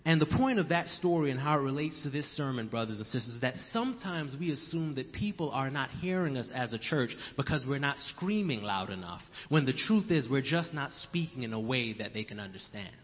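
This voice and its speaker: A man's voice: mid-range voice, animated, brisk, few pauses. A young man preaching a sermon as pastor, repeating key lines for emphasis and calling his listeners brothers and sisters. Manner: storytelling asides, rising to loud emphasis. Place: church sanctuary. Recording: long hall reverb, dull lo-fi sound.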